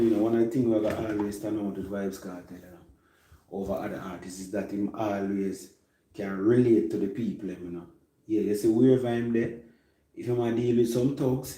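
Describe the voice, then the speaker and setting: A man's voice: on the low side, noisy background. A Jamaican man giving a rambling, casual music commentary that mixes patois with English. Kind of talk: casual chat.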